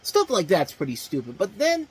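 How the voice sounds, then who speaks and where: A man with a husky, slightly breathy voice reviews movies off the cuff. He rambles, restarts his sentences and leans hard on the words he wants to stress. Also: sits high, normal speed, low-quality recording. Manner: rambling, many fillers and restarts, animated emphasis. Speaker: movie review show host. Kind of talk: casual spoken movie review.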